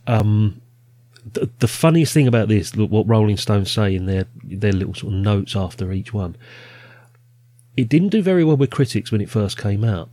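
A man hosting a casual chat, leading a list and talking in a relaxed, chatty way. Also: fairly low pitch, moderate pace, no room sound. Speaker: podcast host.

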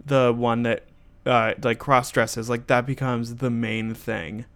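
A man co-hosting a podcast, chatting casually and reacting with quick enthusiasm. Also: mid-range voice, flat delivery, fairly bright tone, smooth. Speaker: podcast co-host. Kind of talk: casual chat.

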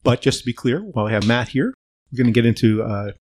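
A man hosting a casual podcast, telling animated anecdotes with quoted dialogue. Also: medium pitch, fast. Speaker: podcast host. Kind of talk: casual chat.

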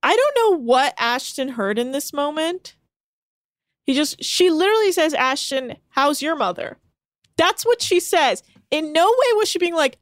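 A woman's voice: sits high, unhurried, no echo, clean studio sound. A young woman co-hosting a casual podcast, animatedly retelling a reality show and acting out the people in it. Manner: animated storytelling with quoted voices. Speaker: podcast co-host recapping a show. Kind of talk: casual chat.

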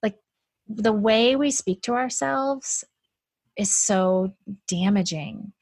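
A woman's voice: mid-range voice, slow, gravelly, darkish tone, breathy edge, no room sound, studio quality. A woman talking as a podcast guest in a casual, chatty conversation, with lots of "like" fillers and frequent laughs.

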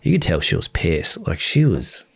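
A man's voice: low-pitched, normal speed, vocal fry, husky. A young man in a candid interview, speaking bluntly and acting out the things people said to him. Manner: blunt and animated, acting out quoted dialogue. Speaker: interview guest.

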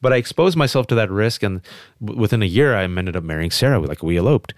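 A man as an interview guest, telling a personal story with emphatic, quick restarts. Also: on the low side, no echo, clean studio sound. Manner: emphatic, fast restarts, animated quotes. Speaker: guest on a podcast.

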